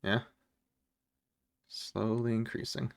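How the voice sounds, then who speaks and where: A man's voice: medium pitch, fairly even intonation, takes it slowly, creaky, clear, resonant tone, no room sound. A man streaming from home, chatting casually and rambling, with frequent swearing and chuckles. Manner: rambling, profane, chuckles often. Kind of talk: casual livestream chat.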